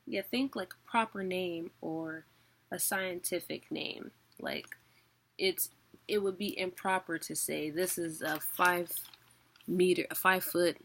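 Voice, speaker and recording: A woman teaching an online class, talking slowly and patiently. Her voice sits a little low and has a gravelly edge. She explains in a casual way, with some filler words along the way. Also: steady tone, fairly bright tone. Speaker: poetry teacher.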